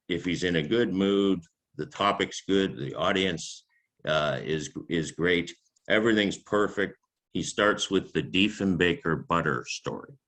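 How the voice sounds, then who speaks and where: A man in his fifties tells stories at a talk, with a very low, deep voice. He keeps it chatty and amused, full of little fillers and restarts. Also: a bit bright. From Canada. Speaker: author and historian giving a talk. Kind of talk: anecdotal storytelling talk.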